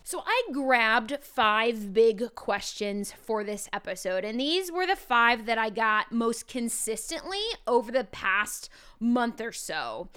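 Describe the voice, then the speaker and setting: A woman's voice: a little high, lively intonation, takes it slowly, a bit bright, clear, resonant tone, soft background music. A woman hosting a podcast for teachers, talking casually and speaking straight to her listeners. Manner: chatty, conversational, speaks directly to listeners. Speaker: podcast host.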